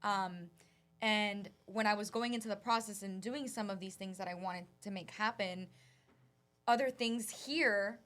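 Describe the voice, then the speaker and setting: A woman co-hosting a casual podcast chat, encouraging and animated in her talk. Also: mid-range voice, unhurried.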